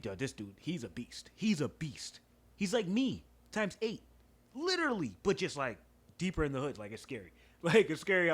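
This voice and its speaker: A young man telling a story on a podcast in an animated, laughing, profane way, a bit stuffy-nosed. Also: on the high side. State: stuffy nose. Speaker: podcast co-host. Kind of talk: casual storytelling chat.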